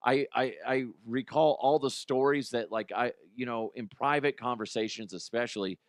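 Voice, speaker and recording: A man's voice: medium pitch, moderate pace, no echo. Blunt, profane middle-aged man. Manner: blunt and profane, acts out quotes in a raised voice. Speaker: podcast host and youth coach. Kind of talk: casual monologue.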